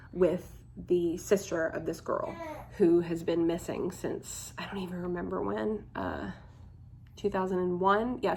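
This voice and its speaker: A woman's voice: lowish voice, vocal fry, a little hiss or hum. A young woman vlogging to camera in casual chat, candid and chatty, full of "like" fillers.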